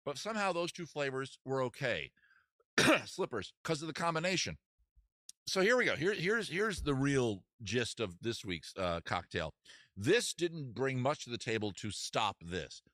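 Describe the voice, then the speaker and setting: Lively rambling comedy show host. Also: male voice, medium pitch, measured pace, no room sound, clean studio sound. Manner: animated, rambling, self-mocking. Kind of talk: comedy livestream chat.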